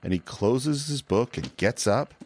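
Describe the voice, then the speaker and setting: A man's voice: mid-range voice, expressive, measured pace, darkish tone, slight background noise. A man co-hosting a film podcast, retelling a movie scene by scene and acting out the characters' lines in casual chat. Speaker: podcast co-host.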